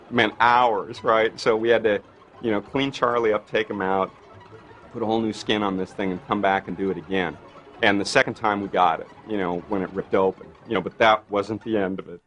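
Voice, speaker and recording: A man, a makeup effects artist, tells a behind-the-scenes story in an animated way, full of "you know" and "right?". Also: on the low side. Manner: animated storyteller, acts out others' lines, many fillers. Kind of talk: interview anecdote.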